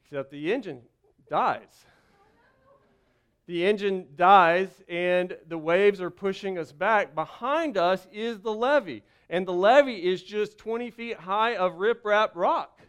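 A man's voice: high voice, slow, smooth. A man with a Southern accent preaching a sermon, telling a personal story with lots of restarts and asides. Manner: animated storytelling with self-interruptions and restarts. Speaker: pastor.

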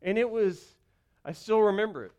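A man preaching with a Southern lilt, his voice pitched high and smooth. He tells stories in an animated, rambling way, cutting himself off and restarting mid-sentence. It sounds like a sermon from the pulpit. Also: normal speed, dull audio. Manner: animated storytelling with self-interruptions and restarts. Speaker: pastor.

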